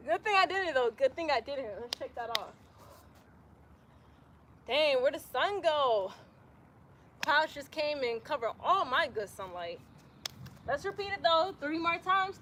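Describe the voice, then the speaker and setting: Woman yoga teacher, high bright voice, chatty and encouraging, outdoors with faint ambience. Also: big pitch swings, measured pace, long pauses, slight background noise. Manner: chatty, encouraging, says y'all a lot. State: out of breath at times. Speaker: yoga instructor. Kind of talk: guiding a yoga practice. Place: outdoors in the sun.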